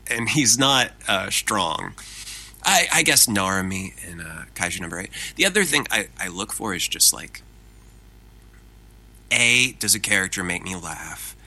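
Bright-voiced male voice actor. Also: low-pitched, a little slow, rough recording. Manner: chatty, self-deprecating, animated storyteller. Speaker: interview guest. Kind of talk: casual interview talk.

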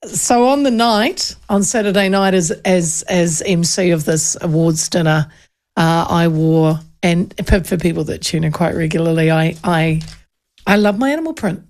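A woman's voice: fairly low pitch, moderate pace, a little mellow. A middle-aged woman with a New Zealand accent, hosting a radio show and telling stories in casual chat, often laughing. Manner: chatty storyteller who laughs often.

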